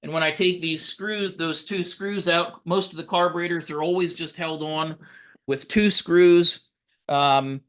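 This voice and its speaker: A man teaching firefighters engine repair in a live online training, practical and encouraging, often pausing on fillers while he works with his tools. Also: a little high, fairly even intonation, a bit bright, smooth. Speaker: fire service instructor. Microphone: video call.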